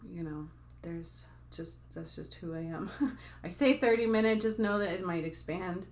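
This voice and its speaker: A woman's voice: fairly low pitch, measured pace. A woman talking casually to her viewers as a spiritual healer, rambling and full of fillers. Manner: chatty, rambling, with frequent fillers and asides to viewers. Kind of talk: casual talk to camera.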